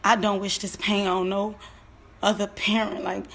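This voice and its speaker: A woman in her twenties, a grieving mother telling her story on a live stream, nervous and shaky, halting, with lots of fillers and repetition. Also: medium pitch, little pitch movement, gravelly, fairly bright tone. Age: 20s. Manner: halting, filler-heavy, repeats herself.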